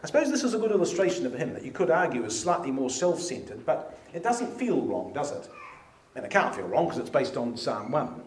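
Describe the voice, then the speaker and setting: A man's voice: fairly high pitch, sing-song, fairly quick. A man leading a church study meeting, reading hymn and psalm lines aloud with emphasis. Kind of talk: informal Bible study talk. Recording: echoey room with faint hiss.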